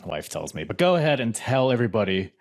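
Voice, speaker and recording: A man hosting a casual podcast, loud and rambling, with crude jokes. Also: medium pitch, sing-song, quick pace, a little hiss or hum. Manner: loud, says he yells. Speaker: podcast host.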